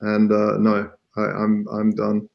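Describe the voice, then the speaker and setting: A man's voice: on the low side, monotone, takes it slowly, creaky, muffled recording. Laid-back man with dry humor. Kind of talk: casual chat.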